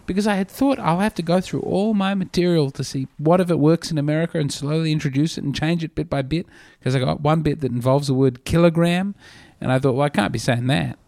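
A man's voice: a little high, quick pace, gravelly, hardly any pauses, darkish tone. Rambling Australian man, dry self-mocking humour. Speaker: comedian podcast host. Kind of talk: rambling comedic podcast monologue.

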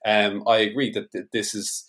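A man with a fairly low voice hosts a podcast interview. He responds thoughtfully and affirms his guests' points as he works through his own ideas. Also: level tone, normal speed, fairly bright tone. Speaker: podcast host.

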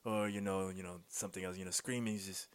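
A man's voice: low voice, steady tone, fast talker, voice pushed down, close to an everyday voice. A man putting on a made-up foreign accent to play a rambling male film director who hesitates and repeats his words. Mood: musing.

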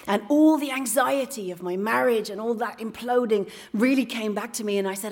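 A woman telling a candid personal story on stage in a playful way, dropping into hushed asides. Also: medium pitch, normal speed. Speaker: story slam finalist.

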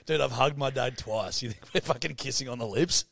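A man's voice: medium pitch, brisk, vocal fry, a bit bright, dry recording. Aussie guy podcasting, rowdy and sweary, laughs a lot, dry close sound. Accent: Australian. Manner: boisterous, sweary, laughs often. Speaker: podcast co-host. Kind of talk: casual banter.

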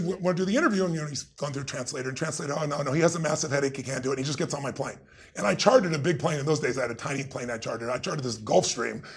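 A middle-aged man with a gravelly, husky voice telling a story as a guest, intense and emphatic. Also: a little high. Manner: intense, emphatic, acts out the people in his stories. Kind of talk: animated storytelling in a conversation.

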